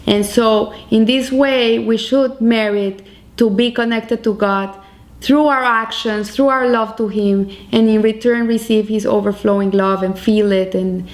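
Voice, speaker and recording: A woman's voice: a little high, steady tone, a little slow. A woman teaching the weekly Torah portion, telling a story earnestly with emphatic rises in her voice.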